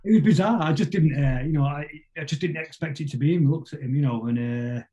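A middle-aged man talking quickly through rambling anecdotes, stumbling and restarting as he goes. His voice is dark and mellow. The recording sounds dull and lo-fi. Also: fairly high pitch. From Salford, England. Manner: rambling, with frequent restarts and repetitions. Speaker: guest. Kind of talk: casual storytelling interview.

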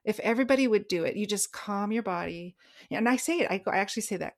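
Podcast cohost lady, bit of vocal fry, lively storyteller, drags out the big words. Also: medium pitch. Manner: animated storytelling, slows down for emphasis. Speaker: podcast co-host. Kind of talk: casual chat.

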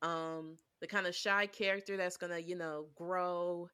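A woman's voice: fairly low pitch, steady tone, measured pace, bright, forceful tone, clear, resonant tone. A woman co-hosting a podcast, chatting casually and rambling with lots of fillers as she animatedly retells scenes. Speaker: podcast co-host. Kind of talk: casual anime review chat.

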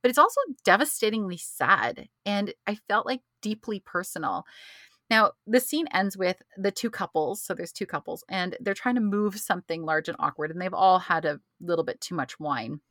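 A middle-aged woman co-hosting a podcast, an animated storyteller who laughs often in casual chat. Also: lowish voice, normal speed, no echo, clean studio sound. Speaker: podcast co-host.

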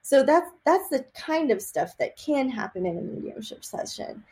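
A woman from Texas, a psychic medium, chatting in an interview and telling lively stories with many fillers and laughs. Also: high-pitched, moderate pace. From Austin, Texas. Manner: animated storyteller, laughs often, many fillers. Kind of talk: casual interview chat.

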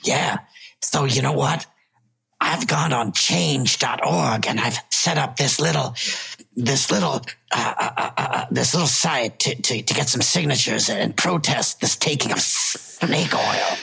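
A man voicing an eager, scheming snake with a creaky, raspy voice in a comedy sketch. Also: medium pitch, a little slow, bright, forceful tone, full character voice. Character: scheming snake, petition starter.

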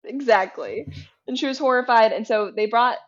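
A woman co-hosting a podcast, chatting casually and telling stories with animated delivery. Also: on the high side, normal speed, highs cut off. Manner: animated storyteller, acting out others' lines. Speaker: podcast co-host. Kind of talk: casual chat.

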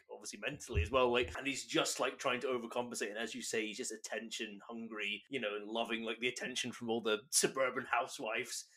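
A man's voice: mid-range voice, a bit bright. Man, podcast co-host, thoughtful and rambling, full of fillers. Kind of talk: casual film discussion.

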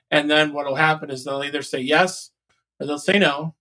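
Co-host, male, bright and somewhat high voice, animated sales coach who acts out calls. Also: normal speed, low-quality recording. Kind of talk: casual podcast chat.

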